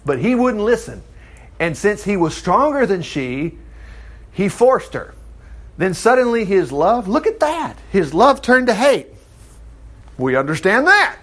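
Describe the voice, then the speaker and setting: A man's voice: high voice, sing-song, a little slow, long pauses, fairly bright tone. A man preaching in a folksy, storytelling way, full of wry asides. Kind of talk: sermon, conversational storytelling.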